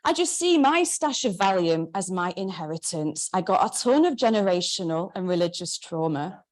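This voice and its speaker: A woman, reading her memoir aloud in a wry, measured way. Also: on the low side, animated, a little mellow. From Manchester, England. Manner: wry, measured first-person narration. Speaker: memoir author.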